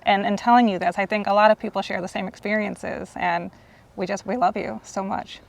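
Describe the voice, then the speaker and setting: Woman in her 40s gushing to her idol, earnest, a bit teary, even middle voice. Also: mid-range voice, a little fast, gravelly. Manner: earnest, gushing, near tears. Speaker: host. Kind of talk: emotional fan tribute.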